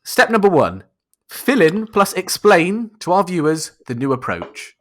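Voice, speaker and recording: A man's voice: high-pitched, big pitch swings, a little slow, a bit bright. A young man co-hosting a casual podcast over a video call, bantering and laughing a lot. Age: young adult. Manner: joking, bantering, laughs often. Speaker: podcast co-host. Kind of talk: casual chat.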